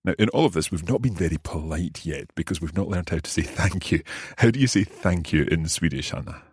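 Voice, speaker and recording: On his language lesson podcast, a man with a very low, darkish, slightly rough voice takes the learner's role, animated and curious. He repeats new words slowly and laughs readily, recorded close and dry without any room echo.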